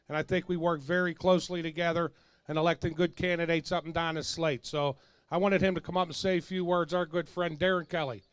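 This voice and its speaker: A man's voice: fairly high pitch, smooth, no room sound. A man emceeing an outdoor party rally, joking casually and introducing speakers. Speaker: event emcee.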